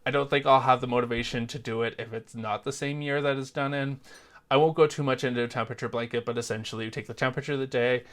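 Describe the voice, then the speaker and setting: A young adult man from Canada talks to the camera in a relaxed, chatty vlog voice at a mid pitch. He jokes about himself and drifts into friendly asides. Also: fast talker. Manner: chatty, self-deprecating, jokey asides. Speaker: crochet vlogger. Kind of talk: casual vlog chat.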